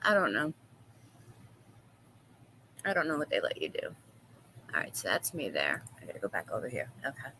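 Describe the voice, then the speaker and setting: A woman's voice: extremely low pitch, big pitch swings, moderate pace, pauses often, pushed and bright, a little hiss or hum, low-quality recording. A woman hosting a casual live-stream chat, gossiping, laughing often and reading viewers' comments aloud.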